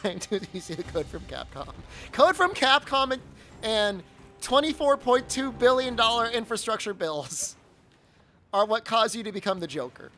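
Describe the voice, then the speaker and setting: Streamer, lively bright voice, mock-angry rants broken by laughs, faint game music underneath. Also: medium pitch, moderate pace. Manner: animated, mock-angry ranting with frequent laughs. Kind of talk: casual live-stream chat.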